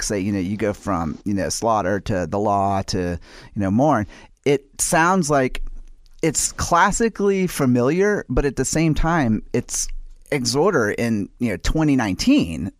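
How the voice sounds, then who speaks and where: A man's voice: medium pitch, no echo, studio quality. A man from the New Orleans area hosting a casual interview, rambling with many fillers. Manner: rambling, lots of "you know". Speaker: podcast host.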